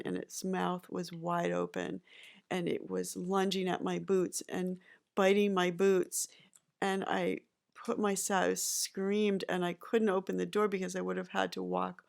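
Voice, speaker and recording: A middle-aged woman from Massachusetts, being interviewed by her son and telling childhood stories in a soft, halting way with many fillers. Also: lowish voice, gravelly. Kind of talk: casual home interview, storytelling.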